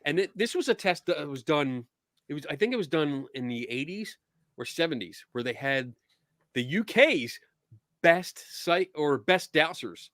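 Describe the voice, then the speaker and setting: A middle-aged man with a Philadelphia accent hosting a casual chat, easygoing, laughing often and filling pauses with ums. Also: on the high side, big pitch swings, fairly bright tone, dry recording, clean studio sound. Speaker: podcast host.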